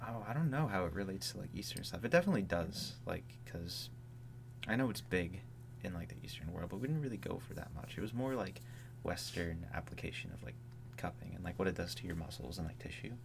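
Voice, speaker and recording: A woman therapist as a podcast guest, talking in a relaxed, hesitant way with many fillers. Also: extremely low pitch, brisk, vocal fry, background noise. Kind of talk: casual chat.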